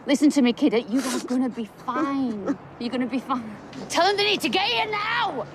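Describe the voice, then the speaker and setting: A woman's voice: a little high, steady tone, moderate pace, lightly acted. An actress playing a panicked young woman, urgently comforting a stabbed boy in a TV soap drama. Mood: soothing. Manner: urgent, reassuring, voice breaking. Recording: noisy outdoor TV drama audio.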